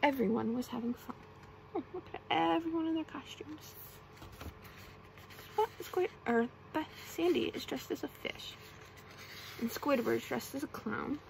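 A woman gently reading bedtime stories aloud in a soft ASMR style, sometimes whispering. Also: sits high, measured pace, gravelly, pauses often, a little hiss or hum, rough recording. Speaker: ASMR storyteller.

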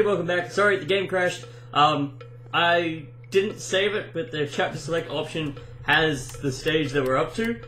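A man giving casual let's-play commentary, excitable and easily amused. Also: on the high side, slow. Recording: roomy echo with game music behind.

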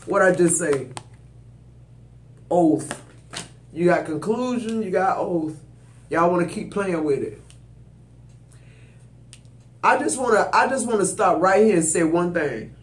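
A man doing a tarot reading speaks AAVE and preaches emphatically, addressing viewers directly. His high voice is animated, and he speaks slowly with long pauses. The room has a noticeable echo.

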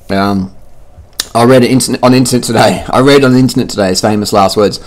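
A man's voice: mid-range voice, fast talker. A man giving casual commentary over race footage in a blunt, mocking, heavily profane way, throwing in buzzing sound effects. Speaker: cycling vlogger.

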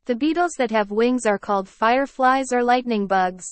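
A woman teacher reading a story aloud to children, pausing to explain words. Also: on the high side, no room sound. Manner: clear, explaining, addresses children. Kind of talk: read-aloud lesson with word explanations.

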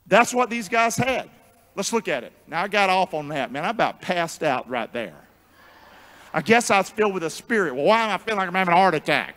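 A male pastor preaching a sermon in call-and-response style, jumping from shouts to low murmurs. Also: sing-song, moderate pace. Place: church sanctuary. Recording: long church hall reverb.

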